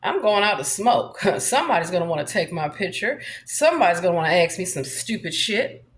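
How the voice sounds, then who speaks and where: A woman's voice: lowish voice, big pitch swings, fairly quick, echoey room, a little hiss or hum. A woman vlogging in a rambling monologue, brash and profane, swaggering as she talks.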